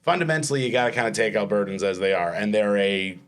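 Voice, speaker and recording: A man's voice: fairly low pitch, expressive, fast, clear, resonant tone. Casual swearing male podcast host. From Canada. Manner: swears freely, talks in long run-on points. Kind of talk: casual political panel chat.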